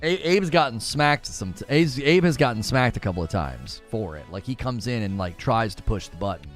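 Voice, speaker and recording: A man's voice: mid-range voice, expressive, normal speed, faint music behind. A man streaming, chatting casually with viewers in a rambling, laughing manner. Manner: rambling, self-interrupting, laughs often.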